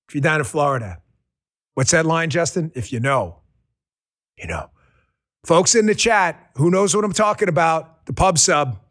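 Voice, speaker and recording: Lively, high-pitched joking male podcast host. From New York. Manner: animated, joking, rambling asides. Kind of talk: casual political podcast talk.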